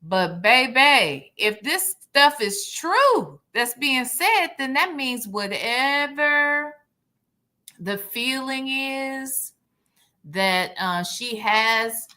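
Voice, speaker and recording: A woman's voice: sits high, expressive, drawn-out words, pushed and bright. A woman hosting a reaction show, talking easygoing commentary to her viewers and calling them honey and baby. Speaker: host.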